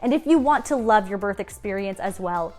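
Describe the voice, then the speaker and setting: A woman's voice: medium pitch, a little fast, over loud music. Chatty young woman telling a story. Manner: chatty, animated, acts out quoted lines. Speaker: vlogger telling her birth story. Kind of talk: casual storytelling to camera.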